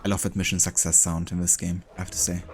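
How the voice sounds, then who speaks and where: Low-voiced German man streaming. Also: fast, music in the background. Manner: relaxed and chatty, with easy laughs. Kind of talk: casual gameplay chat with viewers.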